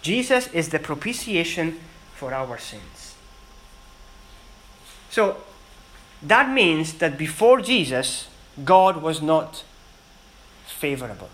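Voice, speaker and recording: A man preaching a sermon in an earnest, emphatic way, with dramatic pauses between phrases. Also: on the high side, sing-song, a bit bright, low-quality recording.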